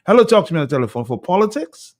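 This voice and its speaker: A man hosts a call-in radio show, brisk and conversational. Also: high-pitched, big pitch swings, darkish tone. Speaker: radio talk show host.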